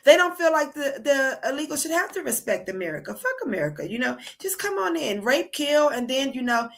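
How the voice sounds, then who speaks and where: A woman's voice: high voice, sing-song, fairly quick. A woman hosting a political livestream, ranting in a heated, profane, casual way. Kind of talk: casual live-stream commentary. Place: abroad while traveling.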